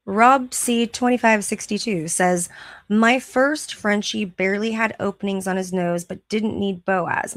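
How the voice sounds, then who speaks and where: A woman's voice: medium pitch, gravelly, fairly bright tone, no echo. A woman hosting her show, reading online posts aloud in casual chat, chatty and gushing and laughing often. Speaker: podcast host.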